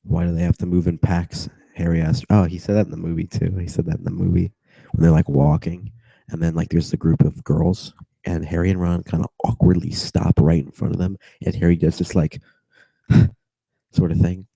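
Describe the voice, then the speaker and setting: A young man getting over a cold reads a novel aloud to strangers on video chat, his low voice gravelly and dark. He reads flatly, wanders off into giggling asides and comes back to the page. The sound is dry and close on a laptop mic. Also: fairly quick, dry recording, poor audio. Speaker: reader.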